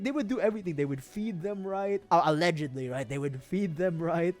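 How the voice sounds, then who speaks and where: A man's voice: fairly high pitch, fairly quick, a little mellow, faint music behind. A man from the Philippines, streaming, telling a story casually, laughing often and swearing freely.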